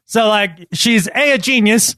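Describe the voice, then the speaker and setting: A man's voice: high-pitched, measured pace, pushed and bright, no echo. A man co-hosting a podcast in casual chat, riffing sarcastically and slipping into mock voices. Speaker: podcast co-host.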